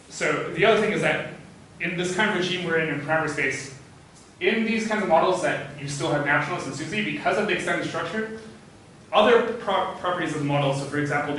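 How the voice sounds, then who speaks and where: A man's voice: on the high side, pushed and bright, slight background noise. A man giving an academic physics talk, hesitant and full of "uh" fillers as he thinks aloud. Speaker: physics lecturer. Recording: echoey hall, voice from far off.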